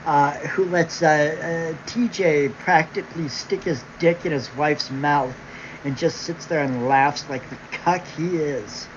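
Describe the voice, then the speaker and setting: A woman's voice: deep voice, measured pace, a little hiss or hum. A woman hosting a livestream, ranting angrily at her viewers, mocking them with sarcasm and constant swearing. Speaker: livestream host. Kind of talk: profane livestream rant. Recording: dull lo-fi stream audio.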